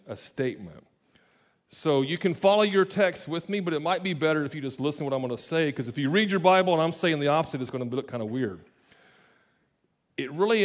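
Casual man preaching a sermon. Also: medium pitch. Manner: casual, explanatory, asides and self-corrections. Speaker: pastor. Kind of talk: conversational sermon.

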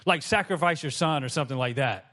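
A man preaching a sermon to his congregation, telling stories with lively acted-out quotes. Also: a little high, fast. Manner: animated storytelling, acts out quoted voices. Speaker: pastor.

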